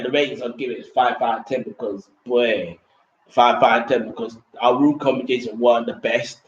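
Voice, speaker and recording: Rambling man in a roomy room. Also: medium pitch. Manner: repetitive, restarts sentences often, casual swearing. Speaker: vlogger reviewing a trip. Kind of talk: rambling casual monologue. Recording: roomy, dull lo-fi sound with faint background noise.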